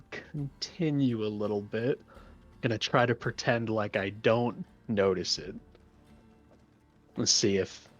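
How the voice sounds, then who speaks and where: A man's voice: lowish voice, slightly rough, dull audio. A man playing in a tabletop game who chats casually about his character's moves. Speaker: player.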